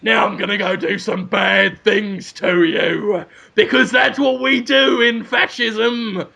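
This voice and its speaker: A brutish, snarling fascist police thug, as a man puts him on. The voice is rough and gravelly, pitched fairly high and bright for a hard man, and it hurls crude insults. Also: fairly even intonation, takes it slowly, heavily acted. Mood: threatening.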